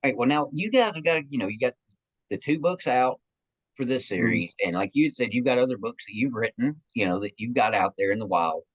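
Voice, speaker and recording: A man hosting a casual interview podcast, enthusiastic and animated as he asks questions. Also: mid-range voice, a little fast, dry recording, poor audio. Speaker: podcast host.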